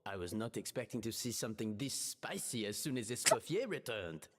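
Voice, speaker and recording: An actor playing a flamboyant hotel host in a game, speaking with an over-the-top fake French accent. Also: male voice, on the low side, animated, brisk, a little hiss or hum, lightly acted. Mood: theatrical. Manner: grandiose, showy, over-the-top.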